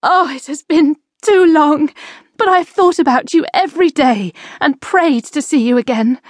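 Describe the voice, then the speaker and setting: A woman's voice: medium pitch, moderate pace, a little mellow, no room sound, clean studio sound, close to an everyday voice. A woman reading an audiobook, voicing a proud, strong-willed middle-aged queen who speaks firmly and defiantly. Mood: tender. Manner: firm, defiant, clipped.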